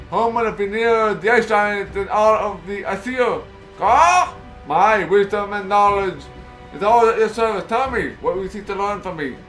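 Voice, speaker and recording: A man's voice: sits high, a bit bright. A man voicing a boastful, self-important male raven in a fantasy game, breaking his speech with caws. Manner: pompous, self-important, cawing.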